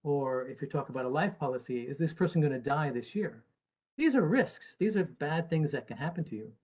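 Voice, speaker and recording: An American man gives a presentation to an audience of investors. His voice sits a little high, and he speaks earnestly and with emphasis, dropping in dry asides. The recording is slightly dull. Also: expressive, a little fast, darkish tone, husky. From United States. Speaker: actuary giving a presentation.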